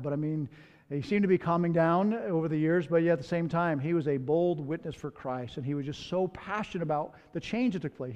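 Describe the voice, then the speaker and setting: High-voiced pastor preaching in a hall. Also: male voice, a little mellow, highs cut off. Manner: conversational storytelling, candid asides. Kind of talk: sermon.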